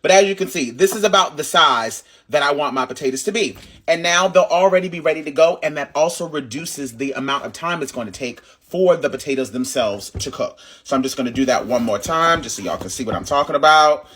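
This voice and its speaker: A man talks viewers through his recipe in a bright, forceful voice set a little high. He keeps it emphatic and playful, repeating himself and teasing his audience. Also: a little fast, hardly any pauses, breathy edge. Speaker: home cook, channel host. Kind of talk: casual cooking tutorial.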